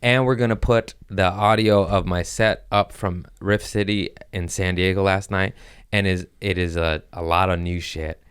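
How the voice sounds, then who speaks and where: Comedian host, deep smooth male voice, profane storyteller, dry close mic. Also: steady tone, normal speed, no echo. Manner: profane storytelling with acted-out quotes. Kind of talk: casual podcast chat.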